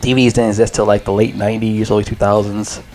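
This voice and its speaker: A man in his twenties talks through a film in a loose, rambling way, swearing freely and giving blunt opinions. His voice sits fairly low. Faint music plays behind him. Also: level tone, quick pace, a little mellow. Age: 20s. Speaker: movie reviewer. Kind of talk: casual vlog review.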